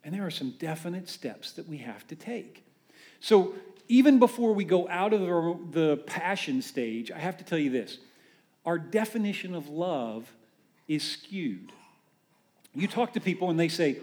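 A man preaching a conversational sermon as a pastor, animated and full of rhetorical questions. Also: on the high side, unhurried.

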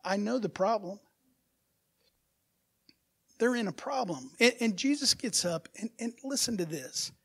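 A man preaching a sermon as pastor, asking his congregation rhetorical questions and swinging from soft asides to loud, emphatic bursts. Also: high-pitched, expressive, unhurried, vocal fry, long pauses, husky.

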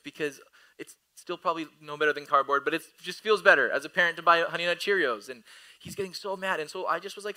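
Bright-voiced man preaching with animated humor. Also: fairly high pitch, quick pace, rough recording. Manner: animated storytelling with laughter. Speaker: pastor. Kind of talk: sermon.

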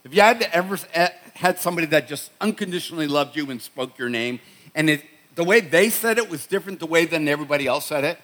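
A man's voice: fairly high pitch, animated, fast, a bit bright. A middle-aged man with a Boston accent, preaching a sermon in a conversational storytelling way, often restarting his sentences. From Boston, USA. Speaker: pastor.

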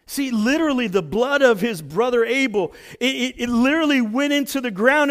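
A man preaching a sermon as pastor, dramatic, swinging between loud emphasis and hushed lines. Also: very high voice, lively intonation, normal speed, hardly any pauses.

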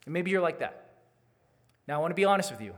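A man preaches to his church in an earnest, candid sermon that climbs into urgent calls to the congregation. His voice sits a little high for a man. The sound carries a long, lingering reverb from the sanctuary. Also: big pitch swings, quick pace. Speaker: pastor.

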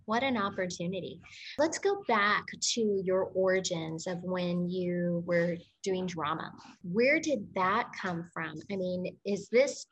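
A woman's voice: fairly low pitch, slow, a little hiss or hum. A woman host asking interview questions in an admiring, encouraging way.

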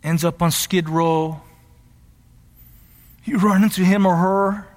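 In a church sanctuary with long, hall-like reverb, a middle-aged male pastor preaches, earnest in his teaching and rising to emphatic passion. He speaks slowly in a high, slightly mellow voice with fairly even intonation.

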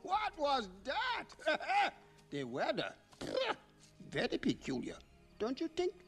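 An actor voicing an old male baboon mystic in an animated film, playful and wise, with a creaky, cackling voice and a slow, teasing, sing-song delivery. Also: extremely high pitch, faint music behind, exaggerated voice.

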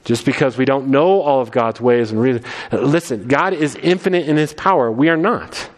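A man's voice: medium pitch, moderate pace. Emphatic preacher man in a reverberant hall. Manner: emphatic, repeats words as he restarts. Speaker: pastor. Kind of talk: sermon.

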